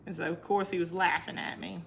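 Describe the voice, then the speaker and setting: A woman's voice: lowish voice, flat delivery, fairly quick, vocal fry, very noisy. A woman hosting a casual crafting livestream. She chats to her viewers, laughs often and answers their comments as she works. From northern United States. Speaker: crafting channel host.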